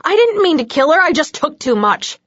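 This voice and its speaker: A woman's voice: mid-range voice, sing-song, unhurried, breathy edge, dry recording. A woman voicing a desperate male vampire killer who hisses and pleads. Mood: pleading. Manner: hissing, pleading. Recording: dull lo-fi audio.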